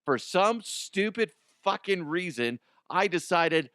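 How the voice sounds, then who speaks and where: A middle-aged man hosts a comedy sports show from a studio, chatting loosely and poking fun at himself with plenty of laughs and cursing. His voice is smooth and resonant, and the sound is close and dry with no room echo. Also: high-pitched, expressive, takes it slowly, a bit bright. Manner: self-deprecating, laughs often, swears freely. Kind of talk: casual comedic monologue.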